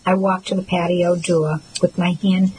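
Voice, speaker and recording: A woman narrating a novel in the first person, with a soft, measured, emotional reading. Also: on the low side, flat delivery, slight background noise, low-quality recording. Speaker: audiobook narrator.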